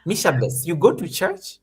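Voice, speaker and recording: A man hosts a casual livestream, upbeat while he reads the chat and thanks members. His voice sits a little higher than most men's. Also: creaky, fairly bright tone, husky. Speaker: host.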